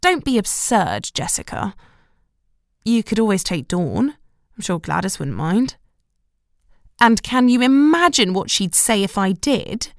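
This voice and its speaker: A woman's voice: medium pitch, big pitch swings, unhurried, gravelly, no echo, clean studio sound. A woman reading the part of a bitter, disapproving middle-aged mother in an audiobook, clipped and reproachful. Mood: indignant.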